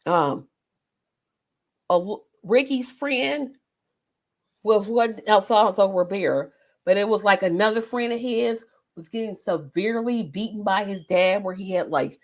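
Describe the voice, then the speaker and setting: A woman's voice: mid-range voice, unhurried. A woman, chatting casually as host in a rambling monologue full of ums and self-corrections.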